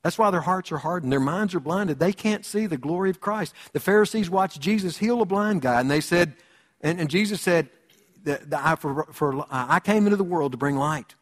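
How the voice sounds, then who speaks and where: A pastor preaching a sermon, repeating key phrases and swinging between loud high passages and low, quiet ones. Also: male voice, expressive, moderate pace. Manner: preaching with sweeping rises and drops in pitch and volume.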